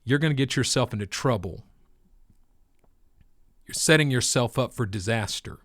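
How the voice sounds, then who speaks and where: A man talks through the crypto market in a relaxed, conversational way, circling back to stress his points like a preacher. His voice sits at an everyday middle pitch. The sound is close and dry, with no room around it. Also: moderate pace, no echo. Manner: conversational, emphatic, preacher-like repetition. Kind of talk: casual market commentary.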